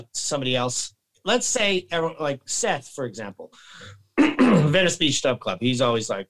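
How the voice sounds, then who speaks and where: A man talking as a guest on a casual podcast, rambling and animated, restarting sentences and clearing his throat. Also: mid-range voice, poor audio.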